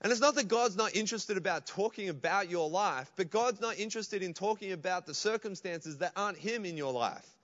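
High-voiced male preacher in an echoing hall. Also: brisk, few pauses, a bit bright, dull audio. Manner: preaching with call-outs to the congregation. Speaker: pastor. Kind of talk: sermon. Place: church.

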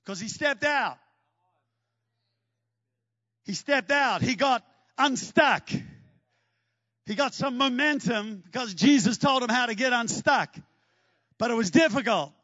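A man preaching a sermon, telling stories with lively energy and acting out the scenes he describes. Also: extremely high pitch, dry recording, dull audio. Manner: animated storytelling, acts out scenes.

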